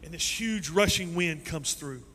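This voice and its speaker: A male pastor preaching a sermon in a church sanctuary. His delivery is animated and swings between loud and soft. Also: a little high, measured pace. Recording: long reverb in a large hall.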